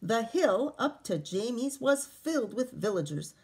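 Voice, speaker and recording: A woman teacher reading a picture book aloud to children, expressive, with chatty asides to her listeners. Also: a little high, a little slow, slightly rough.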